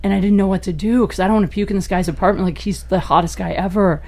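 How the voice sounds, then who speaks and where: A woman comedian, a podcast guest, telling a raunchy personal story in an animated way and laughing as she goes. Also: fast. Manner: animated, gets loud and high-pitched as the story peaks; laughs through her own story.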